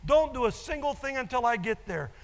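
A man's voice: very high-pitched, animated, a little fast, vocal fry, heavily acted. An older male pastor voicing a grown daughter who angrily scolds her father in a joke. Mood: scolding. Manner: shouting, bossy. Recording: long reverb in a large hall.

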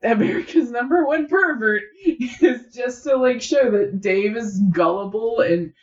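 A woman's voice: fairly high pitch, measured pace. A woman co-hosting a casual film review podcast. She rambles loosely and fills her sentences with "like.". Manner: rambling, heavy use of "like" fillers. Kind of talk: casual chat. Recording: dull lo-fi sound.

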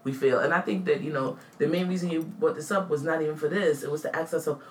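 Lively storytelling woman, low voice. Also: quick pace, echoey room, far from the mic, slight background noise. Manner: animated storyteller, acts out quotes, bursts into laughter. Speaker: podcast co-host. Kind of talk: casual chat.

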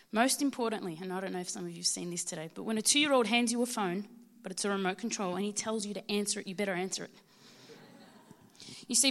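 An Australian woman in her thirties speaks in a mid-range voice, delivering a prepared testimony to a church gathering. Her delivery is heartfelt and measured, with steady pauses between phrases. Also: medium pitch. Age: 30s. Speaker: mother giving a church testimony. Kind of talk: prepared personal testimony speech.

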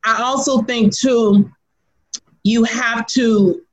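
A woman being interviewed as a guest, telling stories in an animated, laughing way and talking frankly about motherhood. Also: on the high side, slow pace. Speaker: guest, artist and teacher. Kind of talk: casual storytelling interview. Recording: dull lo-fi sound.

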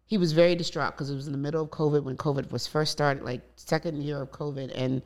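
A woman's voice: low voice, fairly even intonation, fast talker, darkish tone. A woman in candid conversation, telling personal stories openly with many asides. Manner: open, storytelling with many asides. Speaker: guest.

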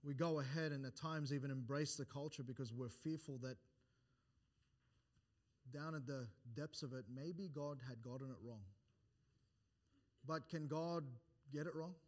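A man's voice: fairly high pitch, measured pace, long pauses, darkish tone. A pastor preaching a sermon, building his points with rising emphasis, often restarting phrases and quoting scripture in old-fashioned wording. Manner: restarts and repeated words between points. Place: church.

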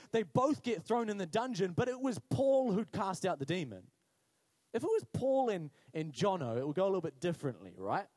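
A man's voice: high-pitched, dry recording. A young man preaching a sermon, telling funny stories and acting out voices. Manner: animated storytelling with acted voices and humor.

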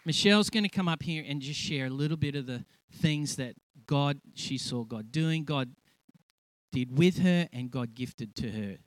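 A man's voice: a little high, normal speed, dry recording, poor audio. A man telling a church testimony story, acting out quoted speech with feeling. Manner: animated storytelling, acts out quotes loudly. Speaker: church speaker. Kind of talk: testimony sermon.

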